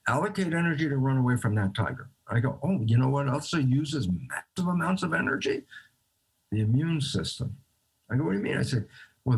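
A man's voice: fairly high pitch, slightly rough. A man, a guest scientist in a conversational interview, explaining by acting out both sides of a dialogue and chuckling between phrases.

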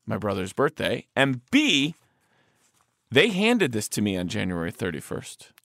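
A man's voice: fairly low pitch, wildly swooping pitch, measured pace, vocal fry, fairly bright tone, no echo, studio quality. A man co-hosting a podcast, chatting casually and reading listener letters aloud with playful, joking emphasis. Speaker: podcast co-host.

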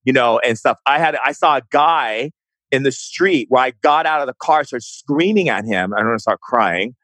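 A man's voice: medium pitch, expressive, moderate pace, fairly bright tone, no room sound. Male guest, impassioned, frequent restarts, dry close mic. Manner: impassioned, repeats words and restarts often. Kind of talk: emotional conversation.

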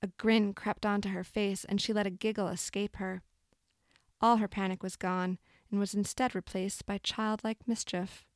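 A woman narrating a novel in a measured, expressive storytelling voice. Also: mid-range voice, no echo, clean studio sound. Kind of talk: audiobook narration.

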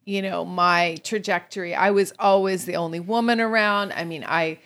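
A woman's voice: on the low side, fairly even intonation, moderate pace, fairly bright tone. A woman hosting a podcast interview, candid and self-questioning as she talks with her guest. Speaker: podcast host.

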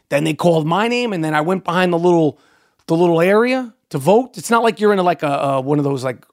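Male podcast host, blunt profane monologue, hammers points through repetition. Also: sits high. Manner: profane, emphatic ranting; repeats key phrases for emphasis.

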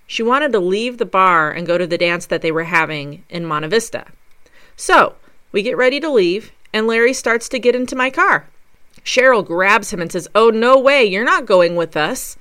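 A woman's voice: medium pitch, clean tone. A woman telling a personal story on her podcast, in a conversational way that acts out the dialogue. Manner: conversational, lively retelling with quoted dialogue.

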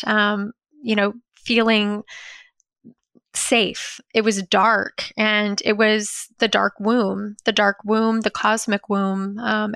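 A woman's voice: medium pitch, pushed and bright, clean tone, no echo, studio quality. A woman in her forties telling a personal spiritual story in a reflective, dreamy way, full of "you know" and "like".

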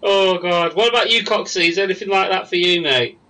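Over a Skype call, a male podcast host with a high, sharp voice talks fairly quickly in a casual chat. He tells stories animatedly and laughs often, though the recording is rough.

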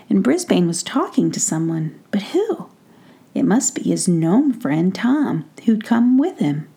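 Woman, whispered bedtime story, slow and soft, gravelly and breathy tone, dark mellow voice. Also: medium pitch.

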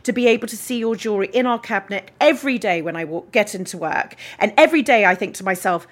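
A woman's voice: mid-range voice, expressive, quick pace. A woman hosting a podcast interview, who speaks with gushing enthusiasm. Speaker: podcast host.

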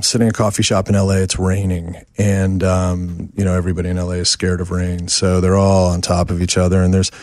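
A man's voice: fairly low pitch, no room sound. A man from New York, a songwriter guest, telling a long rambling anecdote with lots of fillers. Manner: animated, rambling, many fillers. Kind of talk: anecdotal storytelling. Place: house.

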